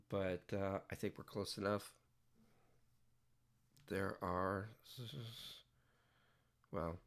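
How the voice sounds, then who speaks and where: While drawing on a livestream, a digital artist chats casually, rambling playfully and joking with wordplay. His voice is on the low side and creaky.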